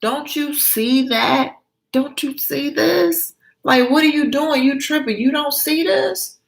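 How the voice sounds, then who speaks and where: A woman's voice: high-pitched, slow pace, gravelly, roomy sound, pitched above the performer's own voice, exaggerated voice, poor audio. A woman voicing an insistent teenage girl best friend who repeats herself and talks in slang.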